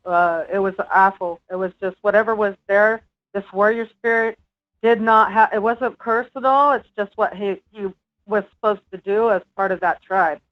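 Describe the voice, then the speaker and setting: A woman's voice: mid-range voice, normal speed. A woman guest telling her own paranormal experiences in an earnest, casual way, with small laughs. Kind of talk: casual interview talk. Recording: dull lo-fi remote audio with faint music.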